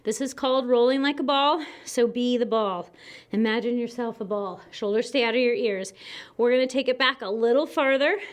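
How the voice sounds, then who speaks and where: A woman's voice: on the high side, moderate pace. A woman leading a guided Pilates workout, cueing each move while exercising along and a little out of breath. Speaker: Pilates instructor.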